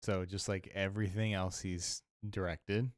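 Slow dry-voiced man, low and unhurried. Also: little pitch movement, no echo. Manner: slow, dry, mostly short backchannel replies. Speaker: podcast co-host. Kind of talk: casual chat.

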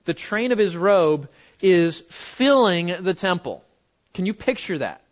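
A man teaching a Bible lesson in a conversational way, often repeating words and slowing down to stress key phrases. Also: high voice, lively intonation, muffled recording.

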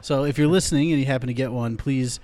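A man's voice: mid-range voice, quick pace, a little mellow. A man hosting a podcast, casually chatting and telling stories in a mumbly, rambling way. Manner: mumbly, rambling storyteller with restarts. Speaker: podcast host. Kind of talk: casual chat.

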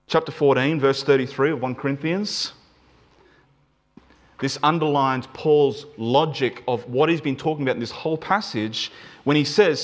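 A male preacher giving a sermon to a church in an emphatic, animated manner, slowing down and speeding up to stress points. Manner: animated, emphatic, shifts pace and pitch for emphasis.

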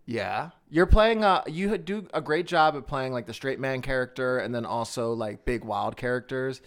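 A man's voice: medium pitch, normal speed. Easygoing male host and improv coach, mid-range voice, casual and encouraging. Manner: easygoing, encouraging, laughs easily. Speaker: podcast host and improv teacher. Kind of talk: casual interview chat.

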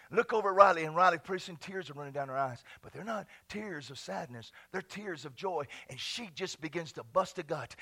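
Male pastor, middle-aged, high bright voice, exuberant preacher who goes from shouts to hushes. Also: very animated, a little fast, few pauses, breathy edge. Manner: exuberant, swings from shouts to hushed tones, laughing. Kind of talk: sermon.

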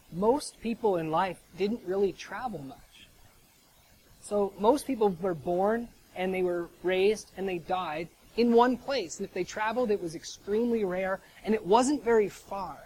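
A man's voice: high voice, unhurried, darkish tone, slight background noise, poor audio. An American man preaching a sermon in a chatty way, often checking in with "right?". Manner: chatty, asks rhetorical "right?". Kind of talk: conversational sermon.

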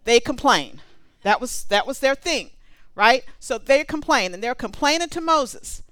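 A woman preaching a sermon, conversational and animated, reading scripture aloud between comments. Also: high-pitched, a little slow, dry recording.

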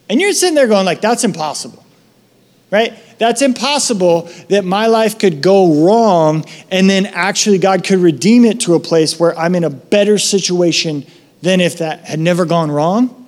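A man pastor preaching a sermon, telling stories with lively acted-out voices and dropping soft for reflective moments and prayer. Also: high voice. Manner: animated storytelling, acting out voices in his anecdotes.

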